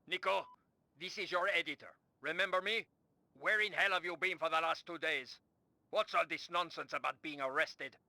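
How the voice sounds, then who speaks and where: An actor playing an impatient newspaper editor leaving a brusque, scolding phone message. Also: male voice, fairly high pitch, moderate pace, gravelly, pushed and bright, no echo, full character voice. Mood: annoyed. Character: impatient male newspaper editor on answering machine.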